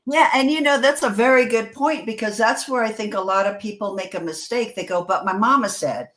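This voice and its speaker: A woman from New York, a guest author telling stories in a casual interview, animated and full of quick restarts. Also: a little high. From New York, USA.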